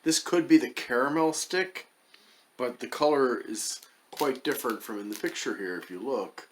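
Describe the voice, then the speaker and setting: A man's voice: mid-range voice, moderate pace, slight background noise. Man muttering through a chocolate review. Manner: wry, hesitant, muttering while tasting. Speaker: food reviewer. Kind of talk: casual product review.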